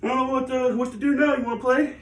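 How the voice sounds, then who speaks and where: A carefree, playful pet dog with a high, chirpy voice that sits well above an everyday speaking pitch, as a man puts it on. It sounds a little distant, in an echoey room. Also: flat delivery, quick pace.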